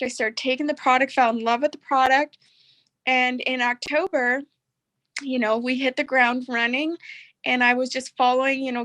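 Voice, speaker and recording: A middle-aged woman speaks in a high, bright voice. She tells her story in an earnest, heartfelt way, open and candid, as a caller giving a testimonial. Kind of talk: emotional personal testimony.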